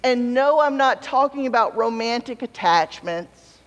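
A man's voice: very high voice, animated, measured pace, fairly bright tone. A man preaching a sermon in a conversational way, mixing playful asides with scripture read aloud. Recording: long reverb of a large hall.

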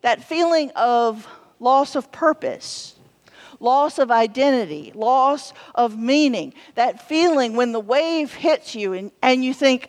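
A woman's voice: high voice, expressive, slow. A woman pastor preaching a sermon in a humorous, self-deprecating way, with frequent ums and restarts. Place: church sanctuary. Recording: long church reverb.

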